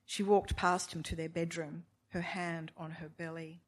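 A woman reading a novel aloud in a measured, expressive storytelling manner, with occasional asides to her listeners. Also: fairly low pitch. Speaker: reader of a novel.

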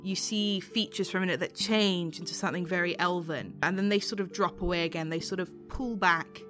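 A woman's voice: lowish voice, steady tone, fairly bright tone, faint music behind. Woman narrating soothingly as game master. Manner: slow, soothing descriptive narration.

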